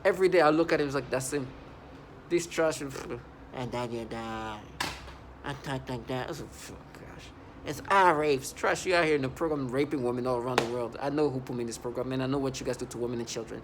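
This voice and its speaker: With slight background noise behind him, a male vlogger with a mid-range voice talks a little fast in a heated monologue to camera. His rant rambles, full of false starts and phrases he breaks off.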